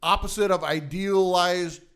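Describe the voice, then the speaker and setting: A man co-hosting a casual show-review chat, rambling and halting with many fillers and restarts. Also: high-pitched, fairly even intonation, a bit bright. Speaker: podcast co-host.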